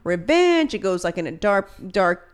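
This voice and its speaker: A woman co-hosting a casual podcast, telling stories in a relaxed, conversational way. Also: mid-range voice, normal speed, clean tone. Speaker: podcast co-host. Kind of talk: casual chat.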